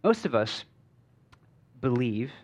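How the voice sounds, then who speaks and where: A man preaching from a church stage in a loose, chatty way. He jokes, drops fillers like "like" and "uh," and keeps asking the crowd if they follow him. His pitch sits in an ordinary middle range for a man. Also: sing-song, slow, darkish tone. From United States. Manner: casual and joking, with many fillers and checks on the crowd. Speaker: pastor. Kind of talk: conversational sermon.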